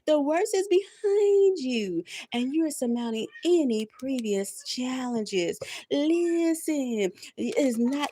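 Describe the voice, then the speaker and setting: A woman's voice: a little high, darkish tone. A woman in her fifties hosting a live spiritual pep talk, preaching with emphatic repetition and laughing through near tears. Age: 50s. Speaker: tarot reader and live-stream host.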